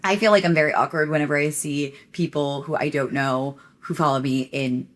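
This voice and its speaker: Young female vlogger, lower register, casual rambling chat to a handheld camera. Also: steady tone, brisk. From Connecticut, USA. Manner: chatty, rambling, peppered with "like".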